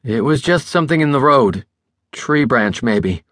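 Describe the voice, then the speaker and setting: A male narrator voices a tense younger driver who answers in clipped, tight replies. His mid-range voice moves at a moderate pace with a fairly bright tone, pitched above his own natural voice yet close to everyday speech. The sound is clean studio audio with no echo.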